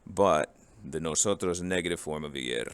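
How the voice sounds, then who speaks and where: Very deep-voiced man teaching a lesson. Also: moderate pace, clear, resonant tone. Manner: casual and joking, drills forms one by one. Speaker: Spanish teacher. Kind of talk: recorded grammar lesson.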